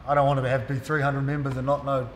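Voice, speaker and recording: Relaxed New Zealand jiu-jitsu coach, mid pitch, in a reverberant gym hall with faint background noise. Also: male voice, fast talker. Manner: relaxed, slangy, lots of fillers. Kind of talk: casual interview and technique instruction.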